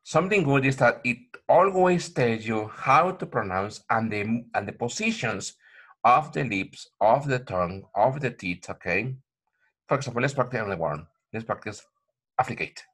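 A man teaching pronunciation in an online lesson, repeating words slowly and calling viewers "my friends". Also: medium pitch, lively intonation, fairly bright tone. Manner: repetitive, addresses viewers as my friends, frequent okay.

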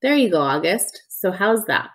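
A woman's voice: mid-range voice, big pitch swings, normal speed. Audiobook ear doctor, easygoing and reassuring, read by a woman. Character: friendly joking male ear doctor, middle-aged.

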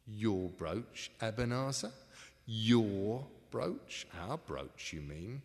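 A man's voice: lowish voice, expressive, measured pace. A man reading aloud, voicing a shifty, quarrelsome male rogue who needles his partner. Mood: needling. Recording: live reading in a reverberant hall.

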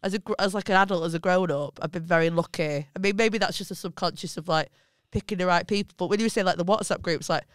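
A woman's voice: lowish voice, fast, hardly any pauses, no room sound, studio quality. A female comedian on a podcast, chatting and laughing while reflecting on friendships. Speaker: comedian guest. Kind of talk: casual chat.

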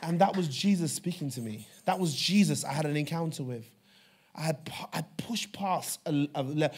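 A man preaching a sermon, telling a personal story with fervor, dropping to a hush and then rising loud. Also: fairly high pitch, animated, normal speed, slightly rough. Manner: fervent storytelling, swings from hushed to loud. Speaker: pastor.

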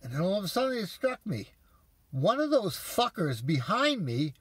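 A man's voice: high voice, sing-song, normal speed, fairly bright tone, husky, no room sound. A man telling viewers an exasperated story in a casual, profane rant. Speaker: vlogger ranting to viewers.

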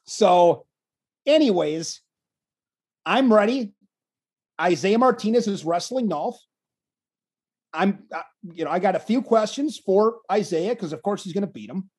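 A man, a wrestling commentator, telling a story in a casual interview, animated and self-deprecating, often restarting his phrases. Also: sits high, a little slow, long pauses, breathy edge.

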